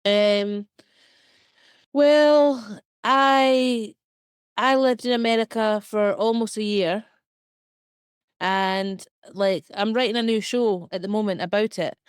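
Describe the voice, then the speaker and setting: A woman's voice: mid-range voice, clear, resonant tone, no echo. Chatty young Scottish woman, dry sound. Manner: chatty, filler-heavy, quick self-deprecating laughs. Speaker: comedian and actor guest. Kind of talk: casual podcast interview.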